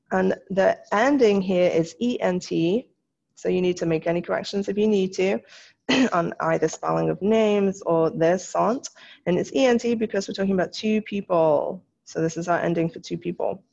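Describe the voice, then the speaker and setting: Gravelly-voiced woman teaching French. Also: lowish voice, a little slow, a little mellow. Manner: mixes English and French, patient and explanatory. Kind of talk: recorded classroom lesson. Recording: dull lo-fi recording.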